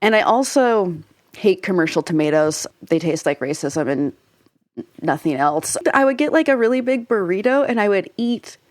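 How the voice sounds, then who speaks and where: A woman's voice: mid-range voice, lively intonation, normal speed, a little mellow, no room sound, clean studio sound. A young adult woman co-hosting a podcast, explaining at length in casual chat with lots of filler words. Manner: chatty, explains at length with frequent "like" fillers and laughs. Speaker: podcast co-host.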